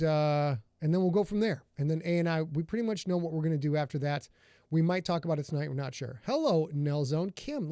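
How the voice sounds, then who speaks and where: A man hosts a laid-back livestream from his home studio, rambling and calling out viewers by name. His voice sits a little high, with a warm, mellow tone. The sound is dry and close-miked, with no room echo. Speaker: podcast host and author. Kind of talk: casual livestream chat.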